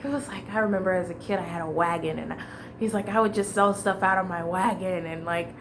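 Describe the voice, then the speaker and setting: A woman's voice: fairly low pitch, steady tone, a little fast, background noise. A woman telling a long personal story in a casual, rambling way, with fillers and restarts.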